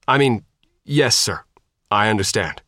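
A man's voice: on the low side, animated, unhurried, sharp tone, no room sound, clean studio sound, full character voice. A man voicing a weak, exhausted male petty officer who speaks wearily. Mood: weary. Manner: weak, tired.

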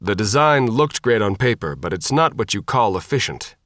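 A man's voice: on the low side, very animated, moderate pace, a bit bright, no room sound, studio quality. A man voicing a weak, exhausted male petty officer who speaks wearily. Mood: weary. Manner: weak, tired.

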